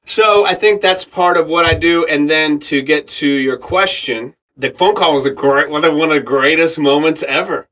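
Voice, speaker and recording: A man's voice: a little high, normal speed, few pauses. A middle-aged man, an actor and radio host, telling a story as a podcast guest and acting out the voices of people in it. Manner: animated storyteller acting out quoted voices, laughs often.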